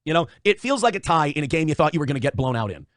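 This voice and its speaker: A man's voice: fairly high pitch, sing-song, very fast, a bit bright, dry recording, studio quality. A man in a casual livestream monologue, blunt and profane, often circling back to the same points. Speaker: streamer.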